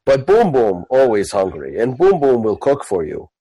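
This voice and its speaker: A man's voice: medium pitch, huge pitch swings, moderate pace, dark tone, no room sound, pitched below the performer's own voice, rough recording. A man voicing a brash orc warrior mother in a tabletop game, speaking in broken third-person speech. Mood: cheerful.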